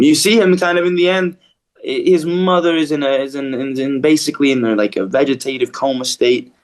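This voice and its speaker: A man being interviewed as an actor, talking casually with lots of fillers and restarts. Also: mid-range voice. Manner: relaxed, halting with many restarts and fillers.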